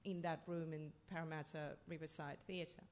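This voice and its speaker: A woman from Russia, telling stories as a playwright on a festival panel, halting and full of fillers. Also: low voice, level tone, darkish tone. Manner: halting, with many fillers and restarts. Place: festival talk session in a hall.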